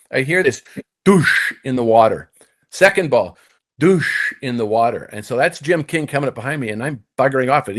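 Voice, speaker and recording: A middle-aged man, a former pro golfer, telling a tour story to his host, swinging between hushed and emphatic delivery. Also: medium pitch. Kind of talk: casual storytelling in conversation.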